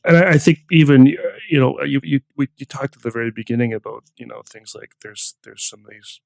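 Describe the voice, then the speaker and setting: A man hosts a podcast and interviews his guest in a hesitant, thinking-aloud way. His voice has a gravelly fry, and the sound is dry and close with no room around it, at a middle pitch for a man. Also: brisk, a little mellow, dry recording. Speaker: podcast host. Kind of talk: casual interview talk.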